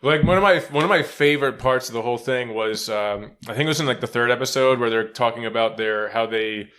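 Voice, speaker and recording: Bright-voiced man in laid-back sports banter. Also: a little fast. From Philadelphia area. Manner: laughing, swearing, mimics people with shouted high voices. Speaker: podcast co-host. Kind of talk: casual sports chat.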